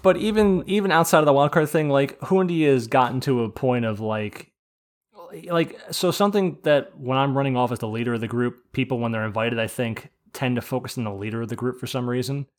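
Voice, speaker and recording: A man's voice: mid-range voice, fairly quick. A man who leads a game group, chatting casually and acting out the other players as he tells stories. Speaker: group leader discussing a game. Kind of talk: casual podcast chat.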